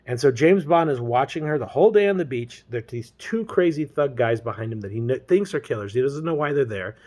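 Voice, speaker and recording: A man's voice: medium pitch, lively intonation, a little fast, darkish tone. A man with a mid-range voice retells a novel in loose, everyday speech. He rambles, leans on slang and keeps stopping on little fillers. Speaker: storyteller. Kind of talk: casual book recap.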